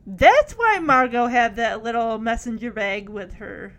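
A chatty woman walks through an episode scene by scene, slipping into the characters' lines as she goes. Her voice sits high, and her delivery stays lively and informal. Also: a little slow. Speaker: show recap vlogger. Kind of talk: casual episode recap.

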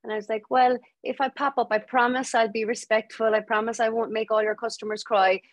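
A young adult Irish woman telling her story as a podcast guest, lively and laughing as she acts out what people said. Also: on the high side, a little fast, no echo. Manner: lively, laughing storyteller acting out quoted voices. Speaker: guest author. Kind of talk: storytelling interview.

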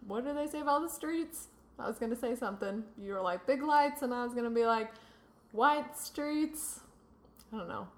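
A woman's voice: a little high, fast. A young adult woman co-hosting a podcast in casual chat, telling stories and laughing easily. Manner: chatty, storytelling, laughs easily. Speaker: podcast co-host. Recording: echoey room.

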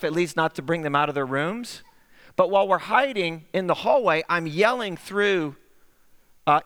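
A middle-aged man preaching a sermon, telling a story in an animated way and acting out the voices he quotes. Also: fairly high pitch. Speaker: pastor. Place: church sanctuary. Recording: echoey sanctuary with long reverb.

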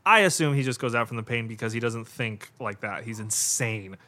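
Podcast host, male, average pitch, excitable live movie commentary, casual and profane. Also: fairly quick. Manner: excitable, reacts aloud with frequent laughs and exclamations; casual and profane, with lots of fillers like "like" and "God".

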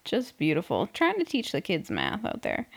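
A woman's voice: medium pitch, wildly swooping pitch, normal speed, husky. A young woman hosting a casual podcast, sarcastically recapping a reality show with frequent swearing and laughter. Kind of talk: casual chat.

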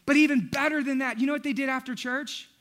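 A male pastor delivering a lively, humorous sermon, telling stories, acting out quotes and raising his voice for emphasis. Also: very high voice, quick pace. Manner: storytelling, acts out quotes, shouts for emphasis. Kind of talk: energetic comedic sermon.

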